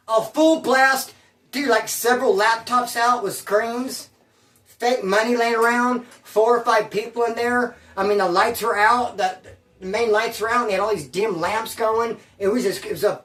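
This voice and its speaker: A man's voice: high-pitched, a bit bright, roomy sound, far from the mic. Rambling man telling a street story. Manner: rambling, profane street slang. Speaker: storyteller recounting his past. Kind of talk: casual storytelling.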